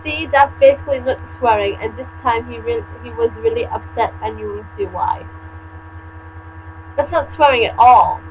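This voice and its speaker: A woman reads a story aloud and keeps breaking off for sarcastic, deadpan commentary. Her voice sits a touch high. A steady electrical hum runs under her home recording. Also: normal speed, muffled recording. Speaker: fan fiction reader and commentator. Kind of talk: comedic reading with commentary.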